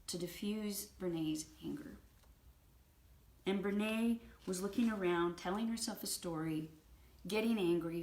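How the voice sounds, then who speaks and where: A woman hosting a book review, retelling an anecdote in a vivid, animated storytelling manner. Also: fairly low pitch. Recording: roomy echo.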